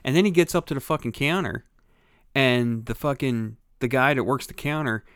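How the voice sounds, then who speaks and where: A man's voice: mid-range voice, normal speed, fairly bright tone, clean tone, dry recording. Profane storytelling man, dry close mic. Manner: profane storytelling, acts out other people's lines. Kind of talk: casual chat.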